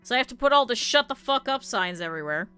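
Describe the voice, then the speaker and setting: A woman streamer chatting casually to her live chat, blunt and swearing freely, with lively quoted asides. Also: fairly high pitch, fast, clean tone, no echo, soft background music.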